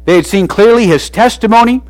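A man preaching a sermon in an animated way, swinging between loud and soft with frequent restarts. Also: sits high, a little fast, no echo, low-quality recording.

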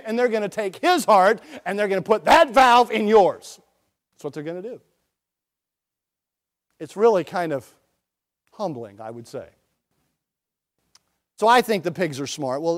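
A man preaching a sermon in a folksy storytelling way, jumping between loud bursts and quiet asides. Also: high-pitched.

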